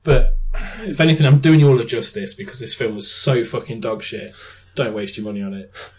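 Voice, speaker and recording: A man's voice: mid-range voice, brisk, poor audio. Young man telling a sweary story. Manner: animated storytelling with swearing and laughs. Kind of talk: casual chat.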